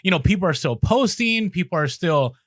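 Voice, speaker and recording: A male co-host chats on a podcast in an animated, emphatic way, with lots of "like" and "you know." His voice sits slightly high. The sound is dry and close. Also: brisk, dry recording. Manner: animated, emphatic, filler-heavy. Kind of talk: casual chat.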